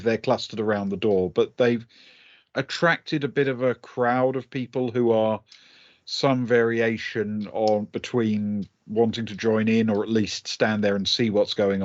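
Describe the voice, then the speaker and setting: A man narrating a tabletop game as game master, hesitant and full of ums and restarts. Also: mid-range voice. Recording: dull lo-fi audio.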